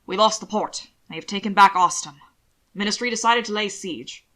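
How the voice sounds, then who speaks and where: A woman voicing a portly, fussy older male official who frets loudly, in an audiobook reading. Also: medium pitch, moderate pace, natural voice. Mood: flustered. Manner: flustered, fretful, loud.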